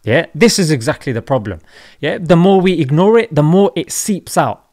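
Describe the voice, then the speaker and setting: A man's voice: on the high side, lively intonation, moderate pace, darkish tone. A young man hosting a satirical commentary vlog. He mocks and jokes, with emphatic asides. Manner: mocking, jokey, with emphatic asides. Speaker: channel host.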